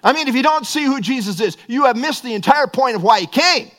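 A man's voice: very high-pitched, expressive, fairly quick, a bit bright. A middle-aged man preaching a sermon as pastor, earnest and building to emphatic bursts.

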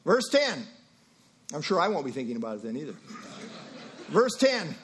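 A middle-aged male pastor preaching an expository sermon, emphatic, with rhetorical questions and quick asides. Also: on the high side, sing-song, slight background noise.

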